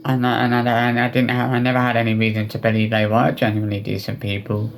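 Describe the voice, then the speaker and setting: A male vlogger, upset and remorseful, speaks straight to viewers in a personal vlog with halting, filler-heavy speech and frequent restarts. His mid-range, gravelly voice is delivered completely flat, with faint music in the background.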